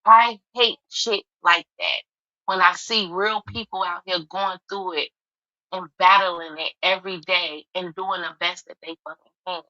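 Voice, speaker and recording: On a livestream, a tearful female guest pours out blunt, heartfelt, profane casual chat over a video call that sounds dull and muffled. Her voice is fairly low, steady and sharp in tone at a measured pace, and completely dry with no room sound.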